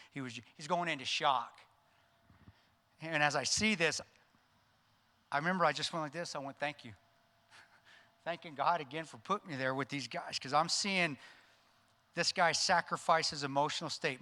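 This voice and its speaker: A man with a bright, forceful voice tells a gripping war story from the stage of a conference. His delivery is intense and earnest, and it sinks to a hushed tone at solemn moments. The long reverb of the large hall hangs after each phrase. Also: a little high. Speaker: keynote speaker.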